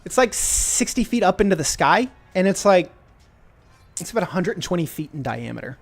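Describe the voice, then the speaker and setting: A man's voice: sits high, big pitch swings, brisk, creaky. A young man narrating as game master, casual and hesitant, with many fillers.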